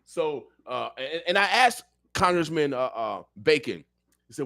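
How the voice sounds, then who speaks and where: A man's voice: fairly high pitch, very animated, moderate pace, vocal fry, a bit bright, dry recording, clean studio sound. Fiery, emphatic male radio guest. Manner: fiery, preacher-like, repeats phrases for emphasis. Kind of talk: impassioned political talk. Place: radio studio.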